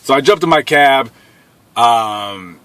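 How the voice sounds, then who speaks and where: A man's voice: mid-range voice, lively intonation, slow, a bit bright, no echo. A man in his thirties telling a personal story in a blunt, profane, casual way, often laughing as he goes.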